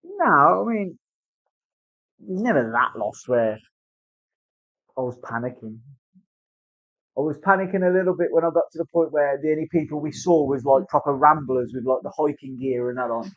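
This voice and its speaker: A man's voice: on the high side, normal speed, pauses often, dry recording. A man with a British accent telling a casual story, swearing often and acting out other people's voices. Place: tattoo studio. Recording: dry, slightly dull sound.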